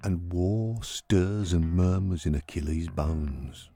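A man's voice: low-pitched, slow, vocal fry, dark tone, slightly rough, faint music behind. A man narrating a drama in a vivid storytelling manner.

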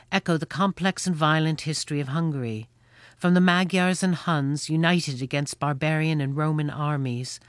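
A mid-pitched host reads a reflective scripted essay in a thoughtful, measured way. The sound is close and dry. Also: dry recording.

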